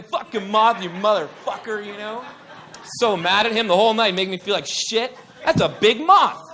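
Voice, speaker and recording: A young man telling a comic story at a live show, excitable and profane, rambling with lots of fillers. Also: sits high, a little hiss or hum.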